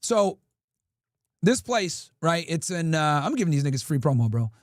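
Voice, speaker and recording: A man in his thirties from Connecticut, telling crude stories to his livestream chat in a lively, laughing way. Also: fairly high pitch, moderate pace, no room sound, clean studio sound. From Connecticut, USA. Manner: animated, crude, laughing storyteller. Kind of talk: casual storytelling to chat.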